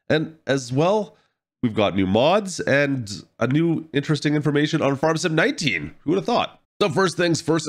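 A man with a nasal, stuffy voice from a cold, hosting a casual, chatty gaming news rundown. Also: mid-range voice. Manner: chatty and upbeat, excited speculation. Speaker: host of a gaming news channel.

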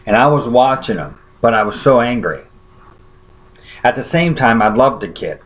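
A man's voice: mid-range voice, animated, normal speed. A man preaching a sermon, telling a personal story in a conversational way and often checking in with his listeners.

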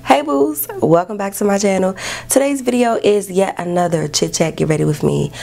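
A woman's voice: mid-range voice, moderate pace, creaky, dark tone, soft background music. A woman, chatting candidly and emotionally to her viewers while doing her makeup in her living room. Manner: candid, emotional, talks straight to viewers as "y'all". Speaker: beauty vlogger. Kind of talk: casual get-ready-with-me chat. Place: living room by a bright balcony window.

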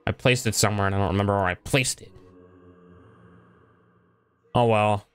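A man's voice: lowish voice, steady tone, moderate pace, a bit bright, clean tone. A young man giving casual, rambling commentary while playing a block-building game, talking to himself as he goes. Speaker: gaming YouTuber. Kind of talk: casual Minecraft let's play commentary.

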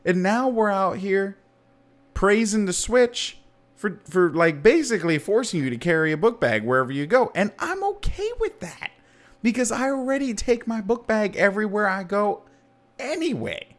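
Animated man chatting jokily. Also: high-pitched, normal speed. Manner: animated and jokey, voice leaping up for emphasis. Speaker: podcast host. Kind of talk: casual chat.

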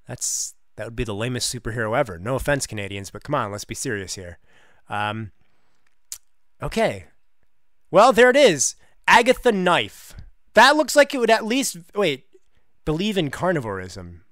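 A man riffs through game listings with a sarcastic edge, his pitch leaping wildly between mumbled asides and shouted exclamations. The recording is dry and close to the mic, with no room sound. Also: dry recording. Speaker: gaming channel host. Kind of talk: casual let's-play commentary.

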